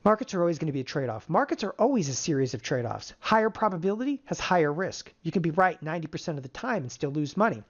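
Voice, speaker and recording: A middle-aged options trading instructor teaching a live webinar, energetic and firing rhetorical questions at the audience. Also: medium pitch, quick pace, hardly any pauses. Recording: dull lo-fi webinar audio.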